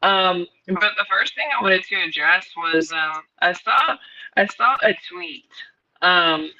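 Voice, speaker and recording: A woman's voice: on the low side, slow pace, sharp tone. A woman hosting a casual live-stream chat about boxing, chatty, with many fillers and frequent laughs. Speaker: host. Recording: muffled lo-fi stream audio.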